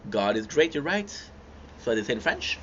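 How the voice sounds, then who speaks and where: A young man hosts a livestream at a normal speed in a mid-range voice, casually chatting with viewers as he eats. Relaxed and chatty, he breaks to chew and hum between bites. The audio is dull lo-fi stream sound with a faint background hum.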